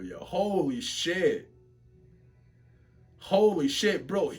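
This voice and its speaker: A man giving excited reaction commentary on a webtoon from his office, slangy and full of exclamations. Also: high voice, very slow, pauses often, husky, soft background music. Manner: exclaims constantly, slangy and animated. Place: home office.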